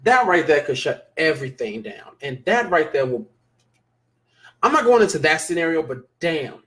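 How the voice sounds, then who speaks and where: Male live-show host, slightly higher voice, emphatic and repetitive, casual delivery. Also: very animated, moderate pace, a bit bright. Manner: emphatic, repeats phrases for stress. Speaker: live show host reading viewer comments. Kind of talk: casual live-stream talk.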